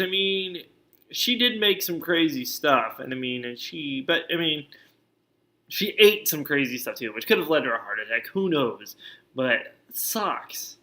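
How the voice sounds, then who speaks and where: A man chatting casually about celebrity gossip. His voice sits a bit high and rings bright. He reads headlines aloud and breaks in with joking remarks. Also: animated, a little slow. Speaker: vlog host.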